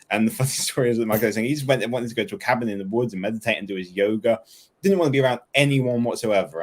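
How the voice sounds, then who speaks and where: Brief: male host, fast rambling storyteller, lowish voice. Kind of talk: casual conversation.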